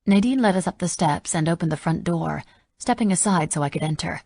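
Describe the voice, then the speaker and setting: A woman's voice: on the low side, animated, fairly quick, a little mellow, slightly rough, no room sound, clean studio sound. A woman narrating a first-person audiobook in a blunt, sardonic manner.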